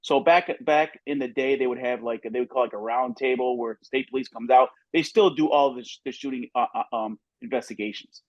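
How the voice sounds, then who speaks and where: A man's voice: medium pitch, fairly quick, hardly any pauses, dry recording, highs cut off. A man, a former police chief, telling a story from his early days on the job in a conversational way. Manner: conversational, many fillers and restarts. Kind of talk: casual storytelling.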